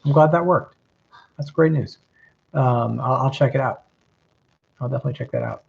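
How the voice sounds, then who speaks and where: Reading viewer questions on a casual livestream, a middle-aged man with a mild metropolitan Southern accent gives advice in an easygoing, thoughtful manner, saying um and right often. His mid-range voice moves at a moderate pace with vocal fry and a breathy edge, and the lo-fi stream sound is slightly dull.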